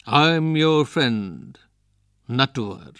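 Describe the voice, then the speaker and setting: A scheming ghost, put on by a male storyteller, calls out in a slow, coaxing voice. Each word is drawn out, and the recording is dry and close. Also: medium pitch, expressive, a bit bright, smooth, no echo, full character voice. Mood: luring. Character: lying, scornful male desert ghost.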